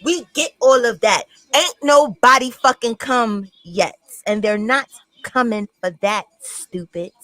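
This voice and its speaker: A woman's voice: on the high side, a little slow, a bit bright, dry recording, low-quality recording. A woman hosting a reaction commentary, talking in a blunt, profane, mocking way. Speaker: commentary host.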